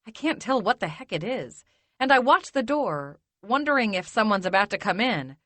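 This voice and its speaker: A woman narrating a first-person romance audiobook in a measured, intimate way. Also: mid-range voice, sing-song, bright, forceful tone, no echo.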